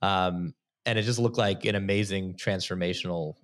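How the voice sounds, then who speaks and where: A male podcast host with a fairly low voice, chatting casually with his guest. He stumbles and restarts often and laughs readily as he talks. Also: fairly even intonation, moderate pace, a bit bright.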